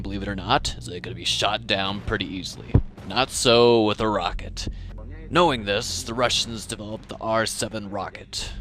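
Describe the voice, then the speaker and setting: A man's voice: on the low side, fairly bright tone. A young man narrating a scripted science lesson in a playful, jokey, theatrical way. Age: young adult. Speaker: science educator.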